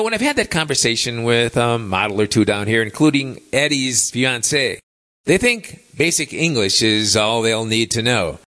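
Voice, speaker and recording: A man's voice: medium pitch, sharp tone. A middle-aged man hosting a podcast, delivering a chatty, opinionated monologue full of rhetorical questions. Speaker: podcast host.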